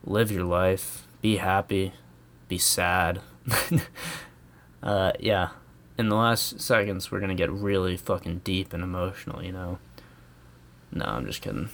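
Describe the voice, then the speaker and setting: A man's voice: deep voice, measured pace, long pauses, fairly bright tone. An American man ranting casually in a rambling, profane way, chuckling often. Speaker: vlogger. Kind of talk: casual comedic rant.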